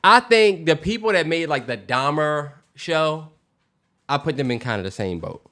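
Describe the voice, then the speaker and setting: Lively-voiced man co-hosting a podcast. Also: a little high, moderate pace. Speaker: podcast co-host. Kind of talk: casual chat.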